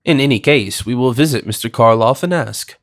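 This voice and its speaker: A man voicing a composed, sharp male detective who questions people with precise authority. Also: medium pitch, a little fast, lightly acted. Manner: precise and commanding.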